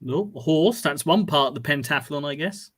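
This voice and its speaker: A man's voice: a little high, animated, normal speed, a bit bright, husky, no echo. A man co-hosting a live stream, trading dry sarcastic quips and casual swearing. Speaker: stream co-host.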